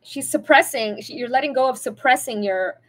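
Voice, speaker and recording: A woman's voice: a little high, moderate pace, fairly bright tone. A woman giving a casual pick-a-card tarot reading, talking in a chatty, rambling, spiritual way straight to her viewers.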